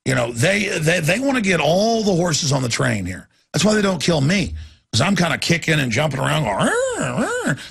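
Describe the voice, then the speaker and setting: A man's voice: on the high side, big pitch swings, fairly quick, fairly bright tone, no echo. A middle-aged man hosting a talk show, ranting intensely and acting out voices as he goes. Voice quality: gravelly. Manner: intense, acts out voices mid-rant. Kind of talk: impassioned talk-radio rant.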